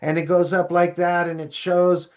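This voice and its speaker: Man, middle-aged, animated storyteller, fairly high voice, dull lo-fi sound. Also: normal speed. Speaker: parent educator. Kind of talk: storytelling presentation. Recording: dull lo-fi recording.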